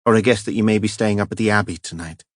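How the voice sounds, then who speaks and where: Man reading as a calm woman, soothing, reassuring, low and dry. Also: fast talker, dry recording, natural voice. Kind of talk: audiobook character voice.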